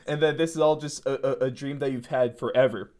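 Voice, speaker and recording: A man hosting a casual interview, asking questions in a halting way with many restarts. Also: mid-range voice, fairly even intonation, darkish tone. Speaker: interviewer, host.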